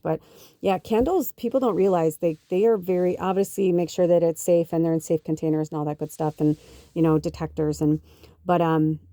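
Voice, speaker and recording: A woman podcast host telling a rambling personal story in a casual, chatty way, full of fillers and excited quoted lines. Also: fairly low pitch, dry recording. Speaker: podcast host and spiritual medium.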